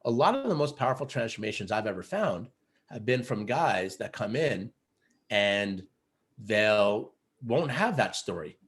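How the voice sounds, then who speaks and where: A man with a fairly low voice tells stories from his work coaching men in a relaxed interview. He speaks earnestly and acts out what people said to him, and he leans on fillers like "you know" and "like.". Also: measured pace. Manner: earnest, animated storyteller who acts out quotes. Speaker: guest, men's coach. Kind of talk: casual interview storytelling.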